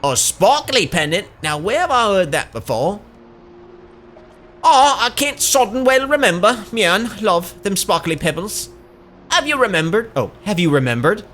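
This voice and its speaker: Man voicing a cheery high-pitched cockatrice in broad dialect, bouncy and lively. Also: unhurried, slight background noise, heavily acted. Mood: chirpy. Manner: broad working-class British dialect; bright, high, cheery sing-song. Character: chatty scatterbrained cockatrice bird.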